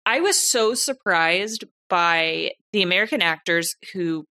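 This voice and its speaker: Excitable young woman co-host, unhurried delivery, bright voice. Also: on the low side. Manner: excitable, gushing. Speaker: podcast co-host. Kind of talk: casual chat.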